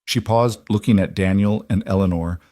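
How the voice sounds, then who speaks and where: A man narrates a frontier tale in calm, measured scripted storytelling. His voice is low and even. The recording is dry and close, with no room sound. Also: no room sound.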